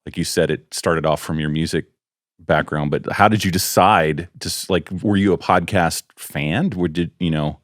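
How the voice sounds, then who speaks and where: A man with a very low voice hosting a podcast interview. The recording is dry and close, and he chats casually, chiming in with quick agreement. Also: no room sound. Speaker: podcast host.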